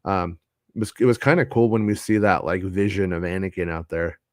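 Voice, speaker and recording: A man's voice: deep voice, a little fast, no room sound, clean studio sound. A man hosting a casual chat show, talking in a hesitant way with many restarts and fillers. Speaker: podcast host.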